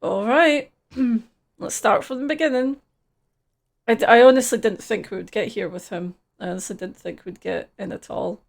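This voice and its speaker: A woman's voice: fairly high pitch, moderate pace, creaky. A woman casually reading game text aloud and chatting through a live gameplay stream, swearing freely.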